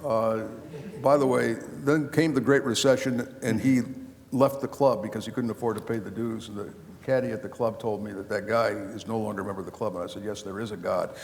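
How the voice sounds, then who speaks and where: An older man spins loose, rambling anecdotes, stopping and restarting his sentences as he goes. His voice sits low, with a gravelly rasp at its base. The sound rings with the long reverb of a big hall. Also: steady tone, brisk, darkish tone. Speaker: author and former county official. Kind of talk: storytelling at a live book talk. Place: lecture hall before a live audience.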